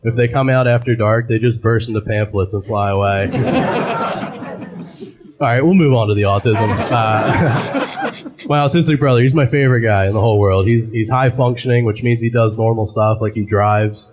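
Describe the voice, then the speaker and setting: A man doing a stand-up set on a club stage, telling dark family stories in an offhand, deadpan way full of fillers. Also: mid-range voice, normal speed, background noise. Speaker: stand-up comedian. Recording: live club with loud crowd laughter. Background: audience laughing.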